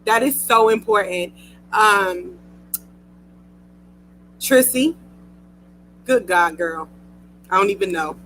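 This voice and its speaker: A woman's voice: medium pitch, slow pace, pauses often, a bit bright, slight background noise, poor audio. A young woman hosting a radio talk show, chatty and emotional, often laughing. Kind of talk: casual chat.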